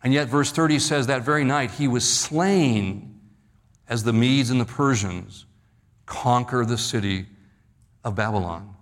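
A man preaching a sermon in an emphatic, measured way, slowing down and dropping his voice on key words. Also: medium pitch. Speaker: pastor. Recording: long hall reverb.

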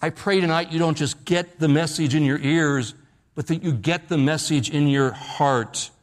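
A middle-aged man preaching a sermon in a slightly higher voice than most men. He slows right down and sinks low at the end of each key phrase, as if pressing it home to the congregation. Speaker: pastor. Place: church service at night.

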